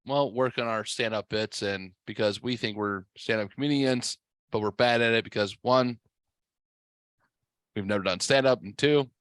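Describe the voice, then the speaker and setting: A man co-hosting a casual podcast, with a mid-pitched voice. He talks animatedly, cuts in and swears freely. His voice sounds dry and close to the mic. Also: normal speed, smooth, no echo. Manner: animated, interrupts, swears, mock-incredulous. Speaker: podcast co-host.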